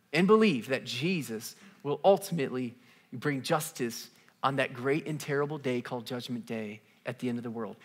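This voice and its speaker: A man pastor preaching a live church sermon to a congregation, energetic and repeating key lines for emphasis. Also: on the high side.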